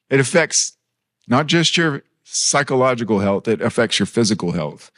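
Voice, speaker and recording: A man's voice: on the high side, a bit bright. A man in his thirties preaching a sermon in a church, earnest and conversational, mixing personal stories with light humor.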